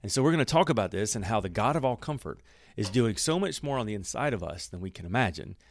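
A man hosting a podcast and teaching the Bible in a relaxed, conversational way, often correcting himself mid-sentence. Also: fairly low pitch, fast talker. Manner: warm, conversational storytelling with self-corrections.

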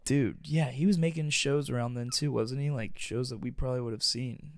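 A man's voice: mid-range voice, fairly even intonation, a little fast, no echo. A young man in his twenties co-hosting a podcast in casual chat, chummy, repeating his phrases and saying dude a lot. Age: 20s. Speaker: podcast co-host.

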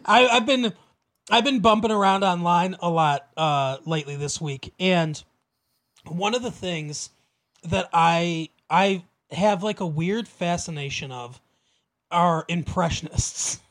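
A young man with a high voice co-hosts a podcast in loose casual chat. He rambles and restarts his sentences, and he laughs easily. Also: slow, a bit bright. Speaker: podcast co-host.

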